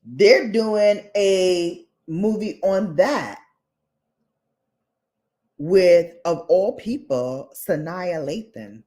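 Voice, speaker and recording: A woman vlogger chats casually with her viewers, gossipy and animated. She takes her time, drawing words out, and her fairly low voice rises and falls a lot. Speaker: beauty vlogger. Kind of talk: casual chat.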